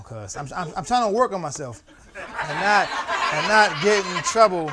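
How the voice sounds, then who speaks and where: Young guy, a touch high-pitched, teaching Bible study in a relaxed storytelling way with lots of slang. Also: moderate pace, crowd noise. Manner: loose, storytelling, laughing often, slangy. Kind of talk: casual Bible study teaching with personal stories. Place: church.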